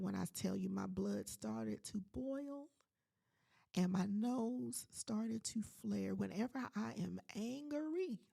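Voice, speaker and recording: A woman in her forties hosting a podcast, telling a personal story in a casual, animated and emphatic way, talking straight to her listeners. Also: medium pitch, creaky, slightly rough. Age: 40s. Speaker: podcast host.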